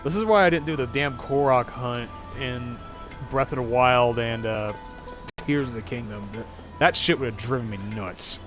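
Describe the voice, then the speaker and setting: A man streaming a video game live, talking to his chat in an excitable way and swearing often. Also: medium pitch, normal speed, music in the background. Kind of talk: live-streamed gameplay commentary.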